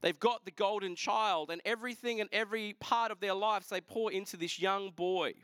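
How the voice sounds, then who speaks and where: Guy preaching, high bright voice, chatty storytelling, dry close sound. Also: normal speed, clean tone, no room sound. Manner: animated storytelling with casual asides. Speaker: pastor. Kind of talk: sermon.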